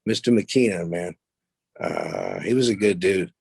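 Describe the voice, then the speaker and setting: Deep voiced guy cussing a lot, cocky storyteller on a podcast, dry close sound. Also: wildly swooping pitch, a little slow, vocal fry, a little mellow, breathy edge, no echo. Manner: blunt, profane, boastful. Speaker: podcast guest. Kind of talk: casual storytelling interview.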